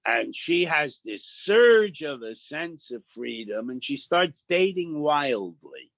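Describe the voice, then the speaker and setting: A middle-aged man teaching a daily Talmud page, reading Aramaic slowly, then explaining it in casual with quips and asides. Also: a little high, very animated, a bit bright, no room sound. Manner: plain-spoken, quips and asides. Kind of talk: daf yomi Talmud lesson.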